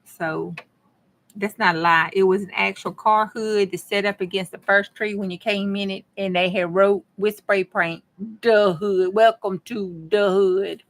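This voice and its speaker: A woman's voice: medium pitch, fairly even intonation, normal speed, a bit bright. A middle-aged woman, chatting to her viewers in a folksy way while she works on a craft project. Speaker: craft vlogger. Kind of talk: casual chat while crafting.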